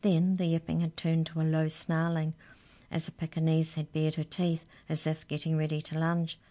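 A woman reading a children's storybook aloud in a measured, unhurried way. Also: deep voice, monotone, warm tone.

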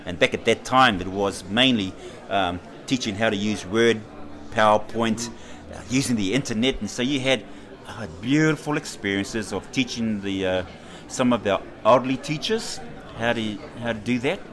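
A middle-aged man with a New Zealand accent, a guest recounting his own story in an unhurried way, with frequent hesitations and lively quoted voices. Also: fairly low pitch. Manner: unhurried, animated when quoting others, with many hesitations. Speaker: interview guest. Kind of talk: reflective personal storytelling.

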